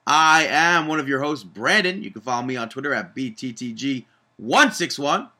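A man's voice: medium pitch, big pitch swings, a little fast, pushed and bright. A man hosting a wrestling podcast, chatting casually and upbeat, laughing easily. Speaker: podcast host. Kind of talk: casual chat.

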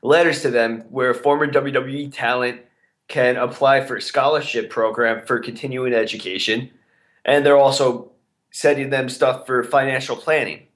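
A man co-hosting a casual podcast chat at a mid-range pitch. He rambles along, hedging and stopping with fillers as he works out his thoughts. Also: fairly even intonation, moderate pace, fairly bright tone. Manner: rambling, hesitant with frequent fillers. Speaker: podcast co-host.

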